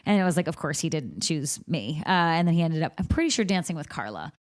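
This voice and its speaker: Lively storytelling woman guest, lowish voice. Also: fast talker. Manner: animated storyteller, acts out quoted voices. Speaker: podcast guest, professional dancer. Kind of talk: casual storytelling in conversation. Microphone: podcast microphone, also streamed live on video.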